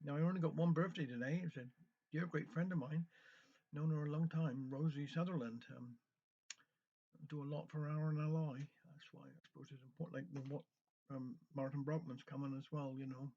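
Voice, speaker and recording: A man's voice: fairly high pitch, steady tone, a little fast, mellow. Older man telling a dialect tale. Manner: homely, rambling, friendly. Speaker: local radio presenter and storyteller. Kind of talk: chatty announcements and rhymed dialect storytelling. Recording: dull lo-fi recording.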